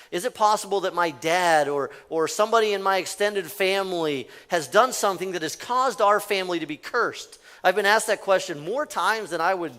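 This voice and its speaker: A man's voice: high voice, a bit bright. A male pastor preaching a conversational sermon in a church, leading the congregation in call-and-response. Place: church sanctuary.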